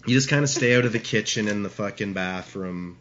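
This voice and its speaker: A man's voice: fairly low pitch, brisk, a bit bright. A middle-aged man telling a story in a rambling, casual way, swearing often and laughing along. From Canada. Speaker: interview guest. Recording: dull lo-fi with faint hiss.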